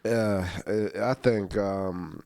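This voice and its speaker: A man co-hosting a podcast in casual chat, often restarting his sentences and sinking low and quiet as he thinks. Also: steady tone, extremely slow, gravelly. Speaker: podcast co-host.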